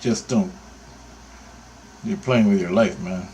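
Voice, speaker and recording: A man's voice: lowish voice, slow, warm tone, slight background noise, low-quality recording. A man telling an angry, profanity-laced story about his bird photography, talking in a heated, sarcastic way. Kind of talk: angry ranting anecdote.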